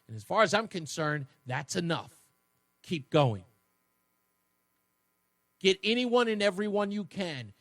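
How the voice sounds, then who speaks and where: A man's voice: high voice, a bit bright, no echo. A male talk radio host giving an emphatic, mocking monologue that repeats its points from a studio.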